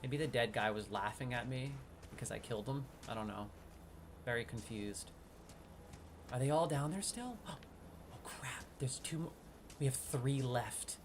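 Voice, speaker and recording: A man giving casual gameplay commentary as a streamer, excitable, swinging from hushed sneaking talk to loud outbursts. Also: medium pitch, moderate pace, long pauses, slight background noise. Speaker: gaming streamer.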